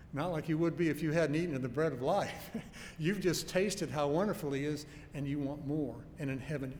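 A man preaching a sermon in an earnest, emphatic way, slowing down to stress key phrases. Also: a little high, darkish tone. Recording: faint noise and long hall reverb.

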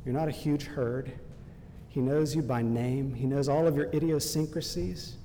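A man pastor preaching a sermon earnestly, slowing down for emphasis and softening his voice for quotations. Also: medium pitch, steady tone, long reverb tail, a little hiss or hum.

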